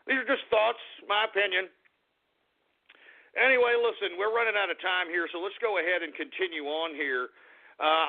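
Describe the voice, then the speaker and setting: A man hosting a talk radio show, ranting bluntly and swearing often. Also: a little high. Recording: tinny phone-line radio audio.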